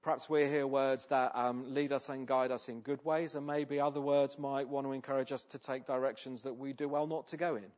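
A man preaching a sermon in an earnest, conversational way, often turning statements into gentle questions to his listeners. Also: mid-range voice, fairly even intonation, fairly quick, few pauses, highs cut off. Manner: earnest, conversational, asks rhetorical tag questions.

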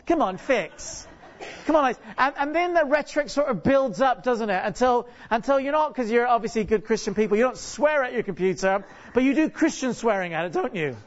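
His voice extremely high with lively intonation, a male guest preacher talks a little fast with few pauses in a conversational, joking sermon on a church stage. He asks the congregation many rhetorical questions and often restarts sentences and repeats words. The recording sounds dull and lo-fi.

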